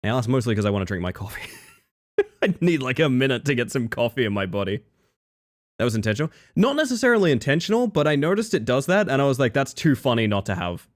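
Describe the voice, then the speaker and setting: Male streamer from Western Australia, casual rambling chat, animated pitch, desk mic. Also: fast. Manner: chatty, rambling, laughs often.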